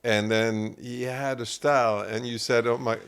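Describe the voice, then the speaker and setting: A middle-aged man with a French accent, co-hosting a podcast in casual chat, laid-back and halting, trailing off mid-sentence. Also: mid-range voice, fairly even intonation, a loud crowd. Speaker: podcast co-host. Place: design showroom, indoors.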